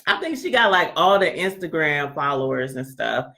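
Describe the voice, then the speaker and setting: A woman hosting a book club, chatting casually and loudly, joking and acting out what people say. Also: low-pitched, big pitch swings, moderate pace. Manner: chatty, joking, acts out quoted voices; laughs often, talks loud. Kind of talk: casual chat presenting a website.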